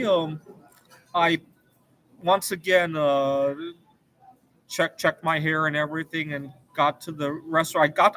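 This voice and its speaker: A man's voice: fairly high pitch, fairly bright tone, a little hiss or hum, low-quality recording. A man hosting his own show, telling a personal story in a rambling, earnest casual monologue. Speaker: show host.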